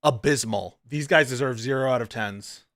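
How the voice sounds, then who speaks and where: A man's voice: mid-range voice, normal speed, a bit bright, no echo. A man streamer commenting on a clip in a sarcastic, profane way, laughing often. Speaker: streamer reacting to a debate clip. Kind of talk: casual commentary.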